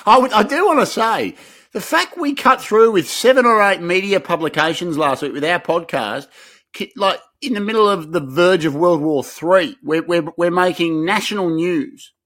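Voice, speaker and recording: A man's voice: sits high, normal speed, a bit bright. An Australian man in his thirties co-hosting a podcast, bantering in a laid-back way with rambling restarts. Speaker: podcast co-host. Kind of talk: casual comedic podcast chat.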